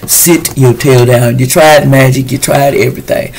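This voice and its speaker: A man with a gravelly, creaky voice of middling pitch gives a loose, casual tarot reading. He rambles in a slangy, chatty way and speaks directly to his viewers. Faint background noise sits under his voice. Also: fairly even intonation, moderate pace, a little mellow, rough recording. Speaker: tarot reader.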